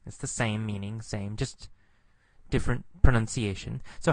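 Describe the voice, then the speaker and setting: A man teaching English slowly and patiently, repeating words and explaining what they mean. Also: on the low side, fairly even intonation, darkish tone, no room sound.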